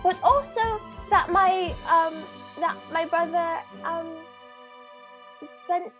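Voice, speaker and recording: High, slow, hesitant woman player, faint music behind. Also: a bit bright. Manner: hesitant, giggly, full of ums. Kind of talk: in-character backstory in tabletop game.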